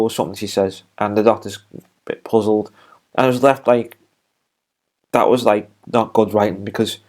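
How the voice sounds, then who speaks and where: Guy with a lowish voice rambling thru a tv episode recap, lots of ums and restarts. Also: a little mellow. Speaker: TV reviewer. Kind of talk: casual spoken review.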